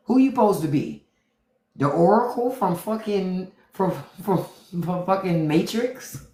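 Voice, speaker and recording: A woman's voice: fairly low pitch, expressive, measured pace, dark tone. Mocking, profane woman livestream host. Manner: mocking, profane, talks back to chat. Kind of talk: unfiltered livestream commentary. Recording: roomy echo.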